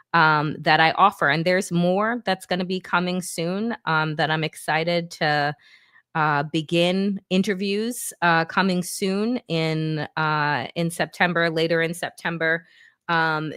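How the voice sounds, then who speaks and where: Fiery, bright-voiced woman commentator. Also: lowish voice, clear, resonant tone, dry recording, studio quality. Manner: animated, indignant, swears freely, frequent fillers. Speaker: political commentary host. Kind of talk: casual political commentary.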